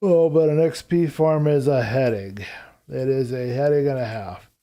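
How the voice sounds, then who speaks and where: Male streamer, mellow tone, casual live gameplay commentary, thinks out loud. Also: mid-range voice, moderate pace. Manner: thinks aloud while planning; rambling, casual.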